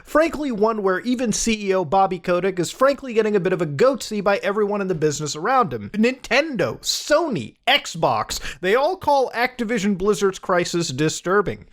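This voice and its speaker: A man's voice: high-pitched, big pitch swings, moderate pace, hardly any pauses. A man hosting a casual tech commentary video, talking energetically and often tacking "okay?" onto his sentences. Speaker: YouTube host.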